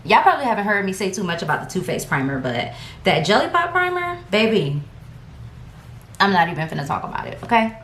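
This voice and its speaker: A woman's voice: on the low side, expressive, fast talker, fairly bright tone, reverberant, slight background noise. A woman beauty vlogger, chatting casually and slangily to her viewers at home. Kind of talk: casual get-ready-with-me chat.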